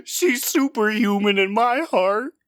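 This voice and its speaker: A man's voice: high-pitched, unhurried, fairly bright tone, dry recording. A man co-hosting a casual gaming podcast, making wry teasing jokes. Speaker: podcast co-host. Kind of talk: casual chat.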